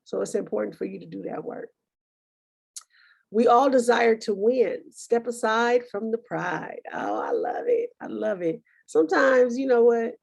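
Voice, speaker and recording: A woman's voice: on the high side, very animated, unhurried, vocal fry, a little mellow, husky, highs cut off. A woman hosting a podcast, recapping past episodes in a casual, preachy monologue and thinking aloud with fillers.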